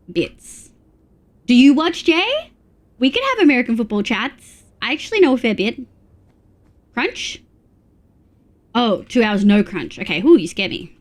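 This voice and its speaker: A young woman chatting casually on a live game stream, bubbly and quick to laugh as she reads her chat aloud. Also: on the high side, darkish tone. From Australia. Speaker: VTuber streamer.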